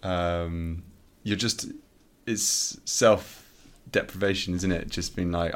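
Deep-voiced man musing as a guest. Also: steady tone, slow pace. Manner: thoughtful, musing. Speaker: podcast guest. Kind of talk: casual conversation.

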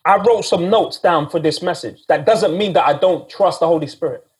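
Man, preacher, sermon, conversational, fairly high voice, husky. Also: normal speed. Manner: conversational, repeats himself and says "guys".

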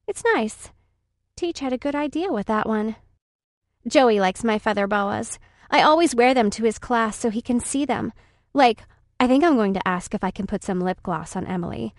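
A woman's voice: fairly high pitch, no room sound, studio quality, natural voice. A woman voicing a vain schoolgirl who peppers her smug diary talk with "like.". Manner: valley-girl "like" fillers, smug. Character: vain, catty schoolgirl diarist. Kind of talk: audiobook reading.

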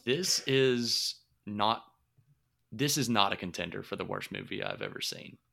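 Slow, gravelly, teasing man. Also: lowish voice, wildly swooping pitch, sharp tone. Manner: teasing, goofy, laughs often. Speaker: podcast co-host. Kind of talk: casual chat.

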